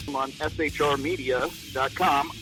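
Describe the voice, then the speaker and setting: A man in a recorded promo drop, announcing the show in a loud, hyped way. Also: fairly high pitch, steady tone, moderate pace, over music, poor audio.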